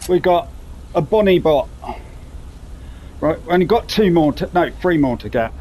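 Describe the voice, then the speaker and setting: A man's voice: fairly high pitch, lively intonation, normal speed, mellow. A man giving casual, sweary commentary while playing a VR game and talking to himself. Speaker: gaming commentator. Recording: clear background noise.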